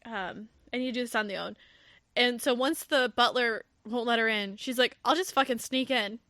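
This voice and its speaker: A woman with a slightly high voice, speaking at a normal speed, hosts a podcast in clean studio sound with no room echo. She casually recaps a novel as an animated storyteller, acting out characters' lines, laughing and swearing.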